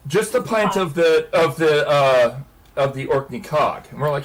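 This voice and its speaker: A man's voice: on the high side, unhurried, a crowd in the background. A man telling a long story on a casual hangout stream, laughing and swearing as he goes. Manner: profane, laughing, animated storyteller.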